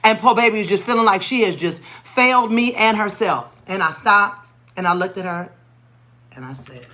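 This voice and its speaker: A woman educator telling a classroom story in an animated, expressive way, acting out the voices of the people in it. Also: medium pitch, normal speed. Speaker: educator and tutor. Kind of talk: storytelling teaching talk.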